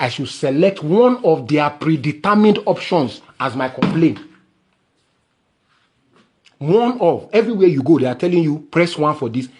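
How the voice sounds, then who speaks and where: A Nigerian man with a somewhat husky, slightly high voice, ranting on his own podcast. He sounds indignant and mixes Pidgin into his English, and his pitch leaps and drops widely as he talks. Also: darkish tone. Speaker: podcast host. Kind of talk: angry solo podcast rant.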